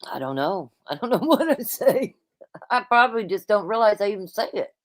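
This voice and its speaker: A woman from the US East Coast hosting a casual livestream chat in a relaxed way. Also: mid-range voice, brisk. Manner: relaxed, reads out viewer comments.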